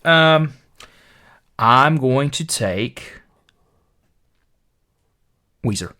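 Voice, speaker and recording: A man's voice: mid-range voice, lively intonation, very slow, bright, forceful tone. A man co-hosting a podcast in casual chat, firmly standing by his opinions. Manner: firm, sticks to his picks. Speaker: podcast co-host.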